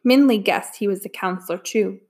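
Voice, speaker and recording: A woman narrating a storybook in a calm, even way. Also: mid-range voice, a little fast. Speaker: audiobook narrator. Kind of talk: storybook reading.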